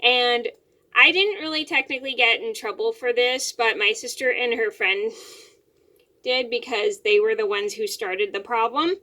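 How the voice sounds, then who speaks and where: A woman's voice: a little high, normal speed, bright, forceful tone. A young woman telling a home story to her camera from her bedroom, rambling and often repeating and restarting her words. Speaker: vlogger.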